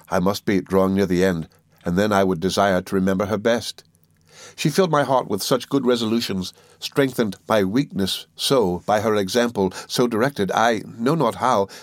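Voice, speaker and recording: Male narrator for a classic novel; low, measured, earnest, dry recording. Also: no echo. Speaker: audiobook narrator. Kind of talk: scripted narration.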